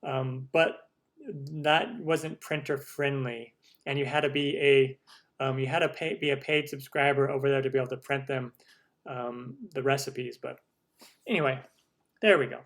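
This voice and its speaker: A man's voice: mid-range voice, little pitch movement, moderate pace. A man hosting a cooking channel live stream, chatting casually with viewers, rambling and humming while he scrolls.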